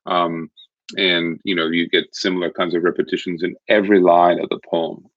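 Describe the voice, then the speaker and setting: A man with a very low voice gives a recorded literature lecture. He talks in a conversational way, explaining ideas step by step. The sound is dry and dull, like a lo-fi home recording. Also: flat delivery, normal speed, dry recording.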